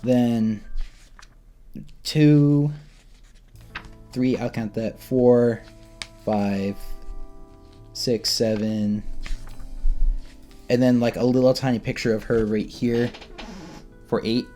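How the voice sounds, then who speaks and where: Guy rambling about comics to his camera, laughs a lot, mid pitch, jokes at his own expense. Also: fairly even intonation, very slow, long pauses, mellow, soft background music. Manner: rambling, laughs often, self-deprecating. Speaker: comic book reviewer. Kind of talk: informal discussion to camera.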